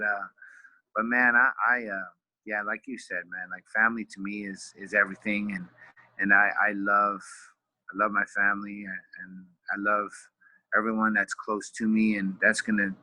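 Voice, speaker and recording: A man's voice: fairly low pitch, pushed and bright, dry recording, low-quality recording. A middle-aged man from California, a retired fighter and wrestling coach, earnestly telling a family story in a casual interview, full of fillers and repeated words.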